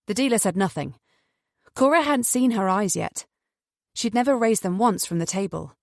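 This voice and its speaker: A woman narrating an audiobook thriller in an even, measured storytelling voice. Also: medium pitch, dry recording, clean studio sound. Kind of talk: scripted narration.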